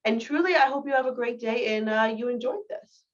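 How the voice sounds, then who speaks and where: A woman's voice: fairly high pitch, brisk. Casual woman lecturer, distant dull mic. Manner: casual, candid, self-deprecating. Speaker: biology lecturer. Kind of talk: recorded college lecture.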